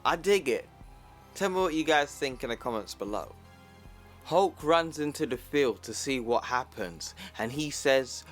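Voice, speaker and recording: Slow-talking man recapping comics. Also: medium pitch. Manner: enthusiastic fan asides. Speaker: comic book recap youtuber. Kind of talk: casual comic recap narration.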